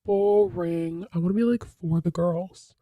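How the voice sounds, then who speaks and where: A young woman hosting a podcast, telling a casual confessional story in a chatty, filler-heavy way with sudden dramatic jumps in pitch. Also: moderate pace, dark tone, no echo. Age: young adult. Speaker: podcast host.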